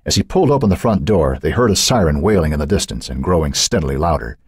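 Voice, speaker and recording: A man narrating a thriller audiobook in an expressive, suspenseful reading. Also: rumbling low, fast, slightly rough, no echo, studio quality.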